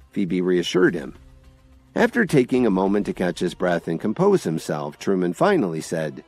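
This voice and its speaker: A man narrating an audio drama series in an expressive storytelling manner. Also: sits low, normal speed, soft background music.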